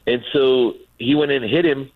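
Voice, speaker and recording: A man's voice: medium pitch, moderate pace, no echo. A man, a former player, telling baseball stories in casual chat on a radio show, acting out what people said, with lots of restarts. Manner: animated, acts out quotes, repeats words. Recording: phone-like narrow sound.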